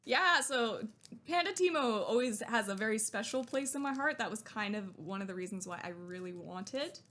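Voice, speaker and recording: A young woman streamer chatting excitedly while unboxing, gushing and talkative. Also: on the high side, moderate pace, a little hiss or hum.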